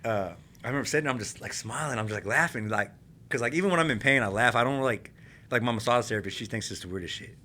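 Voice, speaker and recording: This California man, a retired army infantryman, talks fast in a mid-range voice. He tells war stories during a casual podcast interview, lively and laughing throughout.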